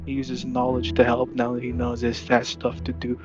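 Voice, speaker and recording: A man's voice: medium pitch, completely flat delivery, normal speed, highs cut off, over music. A man playing a tabletop game in a playful, casual way. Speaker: player.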